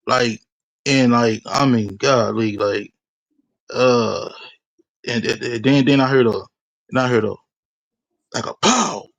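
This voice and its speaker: Man, interviewee, halting repetitive delivery, mid pitch. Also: no room sound. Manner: halting, repetitive, many restarts. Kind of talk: street interview storytelling.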